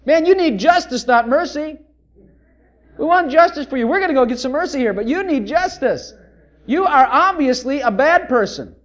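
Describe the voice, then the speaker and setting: A preacher voicing a scolding, self-righteous crowd in a sermon. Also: male voice, high-pitched, big pitch swings, normal speed, a little mellow. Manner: sneering, dismissive.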